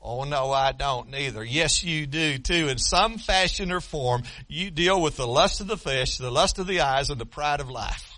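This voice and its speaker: An older preacher delivers a folksy sermon, stumbling over restarts before surging into fervent declarations. His voice sits high for a man and rings bright and forceful. The sound is close and dry, with no room echo. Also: lively intonation, normal speed, hardly any pauses. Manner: folksy preaching, rising to fervent shouts, frequent stammered restarts. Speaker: pastor.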